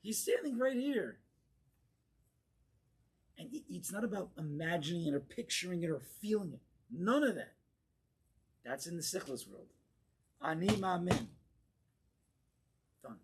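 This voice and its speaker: A man, a rabbi, giving an impassioned Torah class in a congregation hall, moving between quiet asides and forceful exclamations. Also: sits high, sing-song, moderate pace, pauses often, breathy edge. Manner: fervent and emphatic, swings from hushed asides to forceful exclamations.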